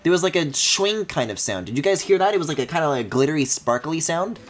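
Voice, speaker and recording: A man streaming a video game, thinking aloud in a low mumble and breaking into high, excited squeals and mock-outraged swearing. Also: quick pace, soft background music. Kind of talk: live-streamed gameplay commentary.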